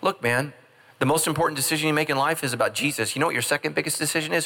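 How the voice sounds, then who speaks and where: Bright-voiced joking pastor. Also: male voice, on the high side, very fast, vocal fry. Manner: jokey, acts out quoted voices. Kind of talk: humorous sermon.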